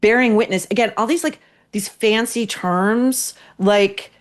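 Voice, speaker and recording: A woman's voice: mid-range voice, a little slow. A woman hosting a commentary podcast, ranting bluntly with profanity and biting sarcasm. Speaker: podcast host. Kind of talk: opinionated commentary.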